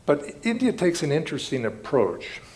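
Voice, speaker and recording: A man's voice: fairly high pitch, wildly swooping pitch, normal speed, a little mellow. A man giving an earnest, reflective spiritual talk at a ceremony, telling stories as he goes. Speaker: spiritual speaker.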